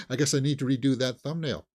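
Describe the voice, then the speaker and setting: A man hosting a movie news channel, chatting casually and rambling with mocking asides and quick put-on quotes. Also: medium pitch, a little mellow. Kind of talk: casual solo commentary.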